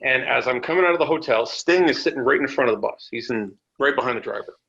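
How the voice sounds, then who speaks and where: He's a fast talker with a creaky voice, and the highs in the audio are cut off. As a guest on a podcast, calling from home, he tells road stories in a relaxed, casual style and puts on a silly high voice.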